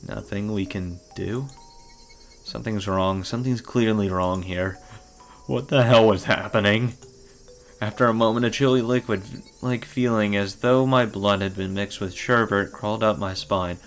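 A man's voice: fairly low pitch, fairly even intonation, moderate pace, soft background music. A man reading a visual novel aloud for a let's-play, breaking in with blunt, profane commentary.

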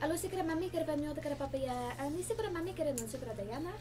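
A woman's voice: sits high, rapid-fire. A woman answering interview questions in a playful, chatty way. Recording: clip with loud music behind.

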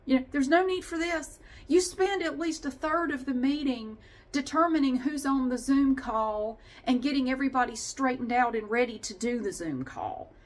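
A woman's voice: high-pitched, moderate pace. A woman vlogging at home in a casual, chatty monologue, ranting with sighs and swearing.

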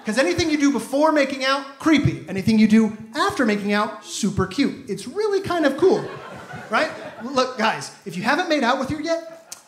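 A man's voice: extremely high pitch, animated, normal speed, fairly bright tone, slight background noise. A man in his thirties doing a stand-up comedy set on a club stage, telling stories in a punchy, exasperated way into a handheld mic. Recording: echoey room with crowd laughter.

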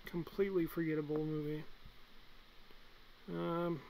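Blunt, excitable young man ranking movies. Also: a little high, measured pace, gravelly, slight background noise, poor audio. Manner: blunt, excitable, swings loud and soft. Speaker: movie reviewer. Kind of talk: casual movie ranking vlog.

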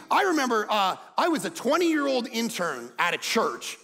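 A man's voice: very high-pitched, moderate pace, gravelly, hardly any pauses. A middle-aged male pastor preaching a sermon, telling stories and acting out the people in them, building to emphatic peaks. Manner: animated, acts out quotes, builds to emphatic peaks. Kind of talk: sermon with storytelling. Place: church stage.

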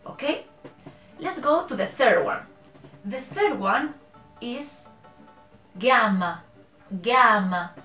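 Slow, echoey Spanish-accented woman. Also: a little high, sing-song, sharp tone. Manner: self-correcting, laughs at herself, keeps checking with "okay?". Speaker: language learner and host. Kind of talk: casual language-learning vlog. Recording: roomy echo with faint music.

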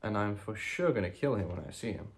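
Young male gaming host, casual cussing commentary; low, gravelly voice with a lively, swinging pitch. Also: fast, slight background noise. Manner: chatty, swears a lot, lots of ums.

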